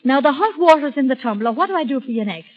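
Woman as a patient daughter, high voice, fast coaxing lines, dull old sound. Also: expressive, slight background noise. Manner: brisk, coaxing comic straight-woman delivery.

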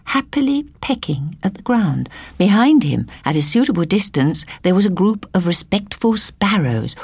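A woman reading a story aloud in a soft, hushed storytelling manner, often slipping into a whisper. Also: lowish voice, dry recording. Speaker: narrator.

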